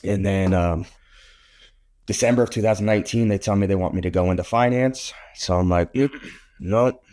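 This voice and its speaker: A man in his thirties, a guest on an interview show, telling his story in a blunt, animated way and swearing now and then. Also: deep voice, brisk. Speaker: podcast guest, real estate photographer.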